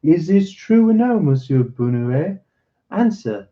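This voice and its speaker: A bold, cunning young swordsman with a fairly high, emphatic voice, as a man reads him. He sounds raised and commanding. The recording is dull and lo-fi. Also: very animated, a little slow, roomy sound.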